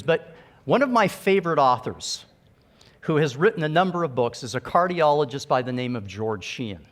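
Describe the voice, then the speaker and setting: A man's voice: on the high side, lively intonation, normal speed, a bit bright. A middle-aged man speaking earnestly and emphatically as a conference speaker, giving a motivational keynote to a live audience.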